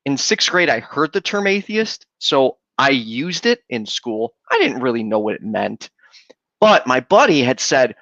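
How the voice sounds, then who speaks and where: A young man, a podcast host, telling his own story with earnest, halting restarts. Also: medium pitch, big pitch swings, a bit bright, no echo, dull audio. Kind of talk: casual conversation.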